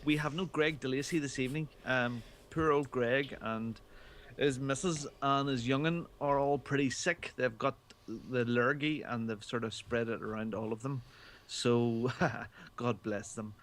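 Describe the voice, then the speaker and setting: A man's voice: mid-range voice, measured pace, fairly bright tone, slight background noise. A man with a Northern Irish accent hosting a gaming podcast with jokey, self-deprecating banter. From Northern Ireland. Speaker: podcast host. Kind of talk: casual podcast chat. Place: home, Northern Ireland.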